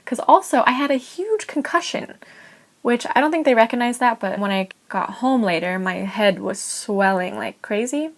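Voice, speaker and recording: A woman's voice: on the high side, moderate pace. A young woman from California with an American accent, telling a personal story in a casual, chatty vlog full of "like" and light laughs. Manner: chatty and animated, with frequent "like" and laughs. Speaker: vlogger.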